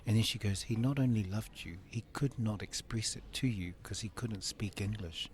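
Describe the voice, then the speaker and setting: A man's voice: lowish voice, normal speed, a little hiss or hum. A man in his fifties telling an emotional personal story in an interview, laughing often and acting out the voices of family members. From Samoan family. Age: 50s. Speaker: interview guest.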